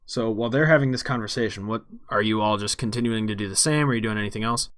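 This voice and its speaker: An easygoing man acting as dungeon master, checking in with each player in turn. His voice sits fairly low and sounds dry and close to the mic. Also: quick pace, a bit bright, no echo. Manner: easygoing, asks players questions. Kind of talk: running a tabletop game over voice chat.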